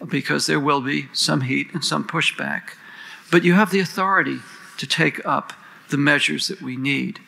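Gravelly, bright-voiced man giving a formal speech. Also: on the high side, rough recording. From United States. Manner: earnest, rhetorical, lists and questions. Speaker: panel moderator introducing speakers.

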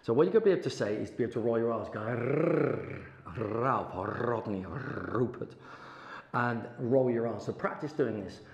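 A man's voice: mid-range voice, expressive, racing, gravelly, hardly any pauses, darkish tone, lo-fi sound. A middle-aged man teaching saxophone, chatty and encouraging as he demonstrates sounds to a student. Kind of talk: hands-on music lesson. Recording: roomy echo with faint background noise.

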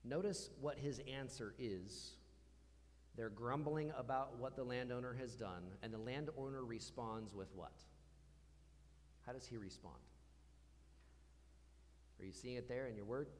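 A man's voice: mid-range voice, a little slow, long pauses, in a large hall, slight background noise. A man preaching a conversational sermon in a church, asking the congregation questions as he goes. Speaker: pastor. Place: church hall.

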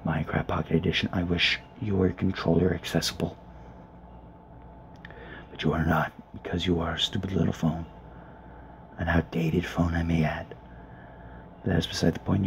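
Whispering man grumbling low and flat. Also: moderate pace, creaky, long pauses. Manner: hushed, grumbling, profane. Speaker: let's player. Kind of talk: whispered gameplay commentary. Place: small closet. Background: faint background noise.

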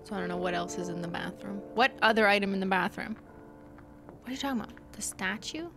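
A woman's voice: mid-range voice, fairly quick. A woman streaming a game live, chatting casually, swearing a lot and breaking into anxious squeals. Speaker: livestreamer. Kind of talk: casual gameplay commentary. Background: game music.

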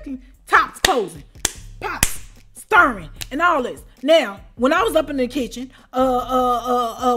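A woman with a high, sharp voice tells a storytime tale straight to her viewers. She talks in an animated way and now and then bursts into shouts. She keeps tossing in the same conversational tag. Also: unhurried, slight background noise. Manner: repeats a conversational tag often. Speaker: storyteller and channel host. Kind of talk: storytime vlog.

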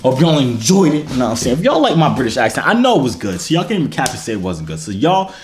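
A young man vlogging in casual slang, animated and self-mocking as he jokes about himself. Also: medium pitch, fast, echoey room. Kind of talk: casual vlog chat.

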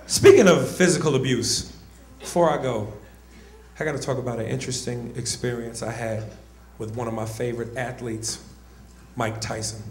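A man's voice: mid-range voice, moderate pace, long pauses, roomy sound. A man performing a stand-up comedy set, telling stories animatedly on a club stage. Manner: animated storytelling, acts out voices.

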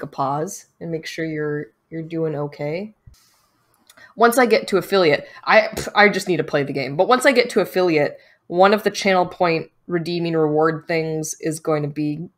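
Playful lower-voiced woman streamer. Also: normal speed. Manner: playful, reads choices aloud with little jokes. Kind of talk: casual game commentary.

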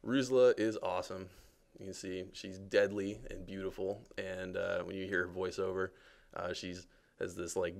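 A man's voice: low voice, creaky. A man, a game developer, giving casual and jokey live commentary while touring a game, with lots of fillers. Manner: chatty and jokey, many fillers.

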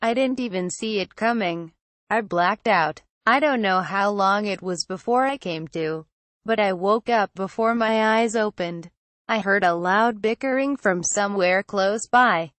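A woman narrating a first-person horror story in a steady reading voice. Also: mid-range voice, unhurried, dry recording.

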